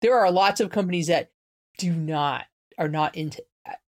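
A woman co-hosting a podcast in casual chat, talkative and lively, with many "you know" fillers. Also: lowish voice, moderate pace, no echo, studio quality.

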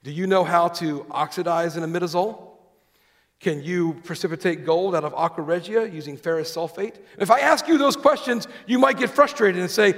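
Male preacher, high and gravelly, sermon delivery in a reverberant church hall. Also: fairly quick, fairly bright tone. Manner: reads scripture aloud, asks the congregation questions.

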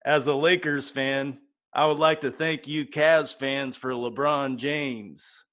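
A man putting on a sly, drawling older male movie star with a slow, drawn-out delivery. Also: mid-range voice, steady tone, fairly bright tone. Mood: smug.

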